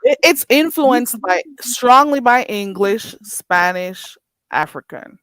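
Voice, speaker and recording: A woman's voice: a little high, animated, slow pace, fairly bright tone, smooth, no room sound. A woman hosting a casual chat, patiently coaching a friend through patois phrases and laughing often. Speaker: host teaching patois phrases. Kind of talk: casual language lesson chat.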